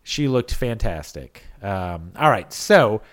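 A man's voice: fairly low pitch, very animated, takes it slowly, a bit bright. A man co-hosting a podcast, chatting casually, joking and laughing often. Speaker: podcast co-host. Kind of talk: casual chat recapping a reality show.

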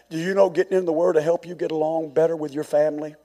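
A man preaching a sermon as pastor, swinging from quiet, low passages to high, shouted calls. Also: flat delivery, fast talker, hardly any pauses.

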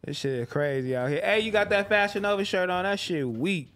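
A man co-hosting a casual group podcast, talking in loud, slangy, joking rants. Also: high voice, lively intonation, fairly quick. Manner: loud, slangy, jokey ranting. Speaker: podcast co-host.

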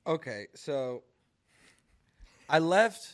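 A man's voice: on the high side, big pitch swings, very slow, no echo. A man co-hosting a podcast, telling a self-deprecating story in casual chat. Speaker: podcast co-host.

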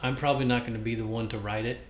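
A man's voice: medium pitch, steady tone, very fast, reverberant, a little hiss or hum. A man co-hosting a casual podcast, teasing with dry humor. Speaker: podcast co-host. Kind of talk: casual chat.

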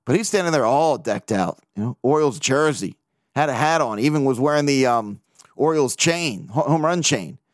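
A man's voice: medium pitch, animated, moderate pace, dry recording, clean studio sound. A man hosting a casual solo podcast, rambling and joking, swearing freely as he talks. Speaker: podcast host.

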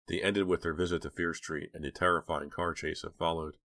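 Audiobook narrator, man, very low voice, close dry recording. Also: little pitch movement, brisk, gravelly, sharp tone, dry recording. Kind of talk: scripted narration.

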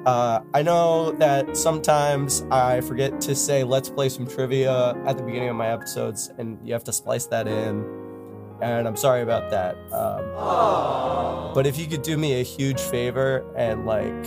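A man's voice: medium pitch, fairly even intonation, measured pace, vocal fry, loud music behind the voice. A young man on a trivia podcast, rambling and goofing around with jokes. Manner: jokey, rambling, goofy riffs. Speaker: podcast panelist. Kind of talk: casual podcast chat.

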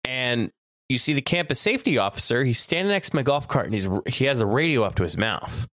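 A man's voice: medium pitch, quick pace, no room sound. Guy telling a story on a podcast, voice jumps all over, dry close sound. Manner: animated, acts out quoted voices. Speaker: podcast co-host, campus photographer. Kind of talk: casual storytelling chat.

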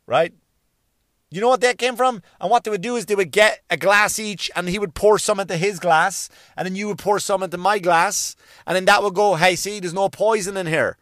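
A man doing a profane comic rant, swearing constantly and mimicking people in quick bits. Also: high voice, fairly bright tone, dry recording, studio quality. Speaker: comedian.

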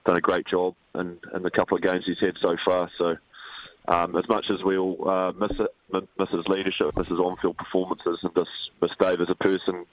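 A man's voice: deep voice, completely flat delivery, normal speed, no room sound, dull audio. A man with a New Zealand accent, a rugby head coach, talking in a laid-back, humble, rambling way on a radio interview.

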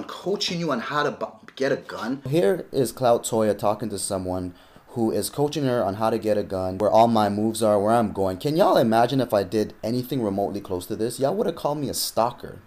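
A man's voice: medium pitch, animated, fairly quick. Heated man scolding his ex on camera. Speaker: father addressing his ex-wife on camera. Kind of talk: confrontational casual talk to camera.

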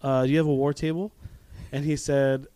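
A man's voice: medium pitch, fairly quick, no room sound. A young man hosting a casual podcast chat, telling stories with lots of laughter and swearing. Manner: laughing, swearing, animated storytelling. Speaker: podcast host.

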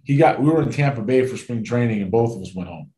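A man's voice: mid-range voice, expressive, quick pace, dark tone, echoey room. A man, a former ballplayer, casually telling a rambling story full of quoted dialogue.

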